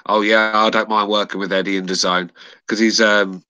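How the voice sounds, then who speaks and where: A man's voice: lowish voice, flat delivery, normal speed, pushed and bright, clear, resonant tone. A man in casual podcast chat, indignant and repeating his point.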